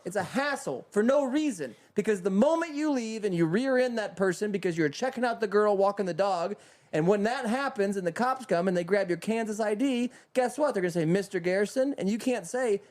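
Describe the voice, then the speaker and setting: A man's voice: sits high, lively intonation, brisk, a little mellow. A man co-hosting a casual talk show, ranting heatedly and profanely. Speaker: podcast co-host. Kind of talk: casual comedic rant.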